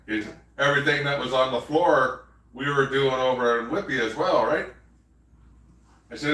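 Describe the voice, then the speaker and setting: A man's voice: medium pitch, normal speed, fairly bright tone. A man chatting casually on a livestream, rambling through work stories and swearing freely. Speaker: livestream host. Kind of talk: casual chat. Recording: echoey room, far from mic, faint noise.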